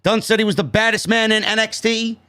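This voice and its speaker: A man's voice: sits high, fairly even intonation, fairly quick, pushed and bright, clean tone. A man from New York casually recapping a wrestling show, blunt, sarcastic and given to swearing.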